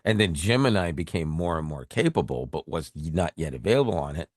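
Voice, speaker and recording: A man co-hosting a tech podcast in casual chat, animated, often laughing and repeating words. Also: rumbling low, brisk, no room sound, clean studio sound. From Canada. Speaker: podcast co-host.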